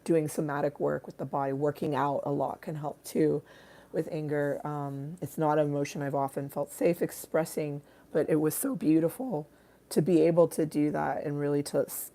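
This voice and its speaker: Hoarse, raspy woman, low and gravelly, dark tone; rambling casual livestream host. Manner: rambling, many fillers and restarts. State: hoarse from screaming. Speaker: artist hosting a livestream.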